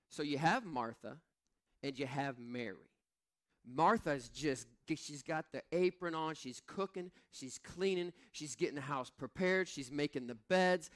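A man's voice: fairly high pitch, measured pace. A middle-aged man preaching a sermon in a humorous, self-mocking way, acting out the voices he quotes. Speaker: pastor.

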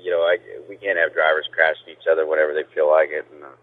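A man's voice: extremely low pitch, flat delivery, very fast. A man in his thirties from Southern California, a race driver talking casually with radio hosts over the phone from a car, laid-back and laughing easily. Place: in a car with passengers. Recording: tinny phone line.

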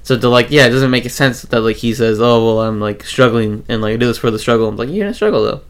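A man's voice: medium pitch, level tone, fast talker, clean tone. Young man, podcast host, casual chat, joking rants. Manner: joking, ranting, laughs often.

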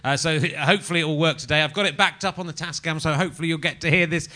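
Bright-voiced guy hosting a live comedy podcast, cheeky jokes, a bit high. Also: racing, hardly any pauses. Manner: provocative, joking, laughing. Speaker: podcast host. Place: live show venue before an audience.

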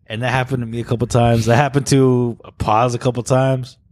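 A young man with a mid-range voice, recorded close and dry, on a casual podcast. He talks in a relaxed, unhurried way, pausing on "uh" as he thinks back. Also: mid-range voice, no room sound. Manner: relaxed, reflective storyteller with fillers. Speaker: podcast co-host. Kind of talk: casual chat.

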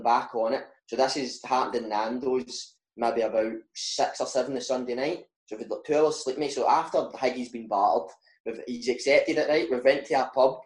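A man's voice: medium pitch, echoey room, poor audio. A man with a Scottish accent, a footballer guest telling stories in a casual chat and laughing often. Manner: laughs often, animated anecdotes. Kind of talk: casual storytelling.

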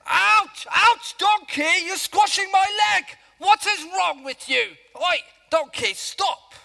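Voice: high voice, very animated, unhurried, gravelly, pushed and bright, long reverb tail, full character voice. A man playing a flustered, grumpy old prophet in a church skit, whining and complaining melodramatically. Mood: indignant.

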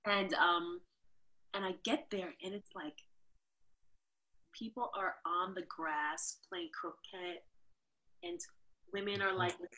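A woman from New York, a dancer and podcast guest, telling lively stories in casual conversation and acting out the people she quotes. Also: takes it slowly, long pauses. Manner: animated, acts out quotes with big jumps in pitch. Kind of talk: casual storytelling interview.

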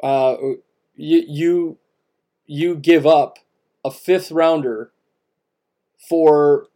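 Guy on a sports podcast, mellow tone, keeps hammering the same point and restarting sentences. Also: fairly high pitch. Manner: emphatic, repeats points, many restarts. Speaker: podcast co-host. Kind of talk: casual sports talk.

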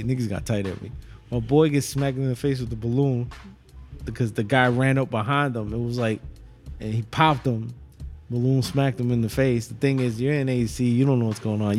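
A man's voice: medium pitch, steady tone, a little fast, a little mellow, soft background music. A young man, co-hosting a podcast, telling rambling profane stories and laughing often. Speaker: podcast co-host. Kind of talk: casual chat.

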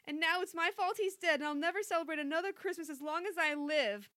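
A woman's voice: very high voice, quick pace, pushed and bright, no echo, studio quality, pitched above the performer's own voice. A woman voicing a grieving young woman, sobbing and quavering as she confesses, read aloud as a comic story. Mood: distraught.

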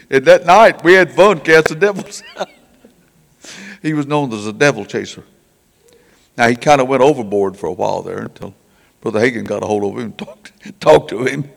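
A man's voice: mid-range voice, vocal fry. An older man preaching in a folksy storytelling way, stammering and repeating words as he acts out the people in his stories. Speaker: preacher telling revival stories. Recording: church hall reverb.

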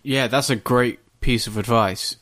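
A man's voice: mid-range voice, steady tone, unhurried, fairly bright tone, no room sound. A man hosting a podcast interview who asks questions casually, with some hesitation. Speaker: podcast host.

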